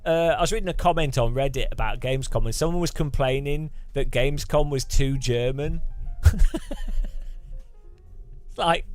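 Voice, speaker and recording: A man's voice: mid-range voice, animated, normal speed, pauses often, faint music behind. Rambling, chuckling male streamer. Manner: rambling, chuckling, thanks viewers between thoughts. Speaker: live streamer. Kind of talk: casual live-stream chat.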